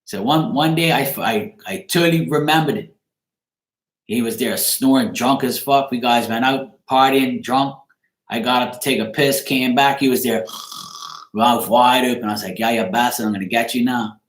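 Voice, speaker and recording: A man's voice: medium pitch, moderate pace, roomy sound. A man with a Bermudian accent, a tarot reader chatting casually on a live stream, greeting viewers by name and swearing freely.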